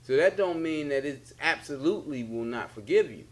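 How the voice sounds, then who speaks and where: A religious leader gives a casual spiritual teaching in a sit-down talk. His voice is on the high side with lively intonation and a moderate pace, and he comes across as preachy, repeating his points in colloquial speech.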